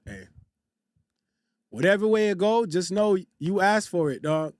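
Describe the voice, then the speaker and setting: A man hosting a casual livestream, reading chat aloud in loose slangy banter, repeating phrases and giving frequent shout-outs on a desktop condenser mic. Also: sits high, big pitch swings, slow, pauses often, no echo, studio quality. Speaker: livestream host. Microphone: desktop USB condenser mic.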